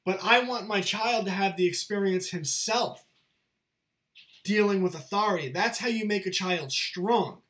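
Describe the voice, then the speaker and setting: A man's voice: high-pitched, a bit bright. A young man, a show's host, talking in an earnest, lecturing monologue and repeating his points. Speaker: channel host. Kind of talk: casual monologue to camera.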